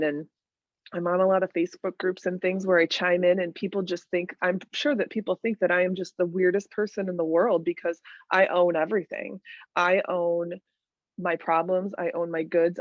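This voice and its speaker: Earnest woman, low voice, muffled mic. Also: no echo. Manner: earnest, emphatic, repeats phrases for weight. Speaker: podcast guest. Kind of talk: candid conversational interview.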